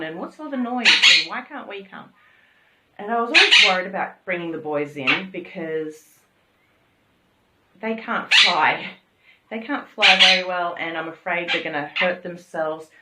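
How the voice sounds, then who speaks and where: A woman's voice: fairly low pitch, heavy background noise. A woman vlogging casually about her pet birds from her bathroom, chatting and cooing to them as she goes. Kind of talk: casual vlog chat. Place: bathroom with shower running. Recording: echoey bathroom with loud running water. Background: shower water and bird noises.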